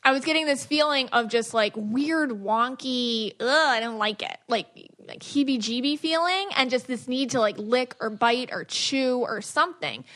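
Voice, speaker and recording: A woman in her thirties hosting a podcast, telling stories in a lively, chatty way with many fillers. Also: fairly high pitch, moderate pace, few pauses. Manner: animated storytelling with many fillers. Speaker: podcast host and psychic reader. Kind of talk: casual podcast chat.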